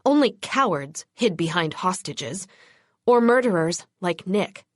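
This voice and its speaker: A woman's voice: lowish voice, expressive, measured pace, no room sound, clean studio sound. A woman narrating a first-person urban fantasy audiobook in a tense, urgent voice.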